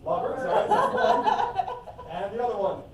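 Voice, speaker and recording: A man with a high voice runs an improv show, brisk and organizing as he talks to the audience. The sound comes from a distant mic in a very echoey room with faint noise. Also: wildly swooping pitch.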